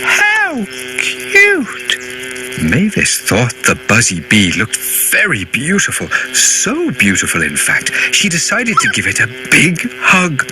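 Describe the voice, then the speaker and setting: Guy narrating a kids cartoon, slow and super sing-songy, loud music under it. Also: medium pitch, huge pitch swings, rough recording. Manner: gentle, playful and sing-song. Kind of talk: storybook narration for a children's cartoon.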